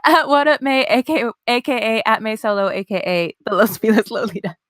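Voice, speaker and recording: A woman's voice: on the high side, lively intonation, a little fast, fairly bright tone, no echo, studio quality. A woman in her thirties co-hosting a podcast, telling a story in casual chat, swearing and laughing often. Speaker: podcast co-host.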